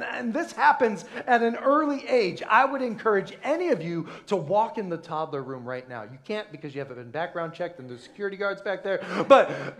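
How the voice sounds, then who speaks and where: A man pastor giving an animated, conversational sermon with many restarts, in a church sanctuary. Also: high voice, creaky.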